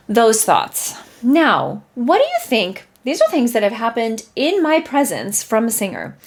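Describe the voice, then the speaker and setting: A woman who teaches singing, hosting a casual solo podcast, chatty and animated with frequent laughter as she acts out her students' doubts. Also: mid-range voice.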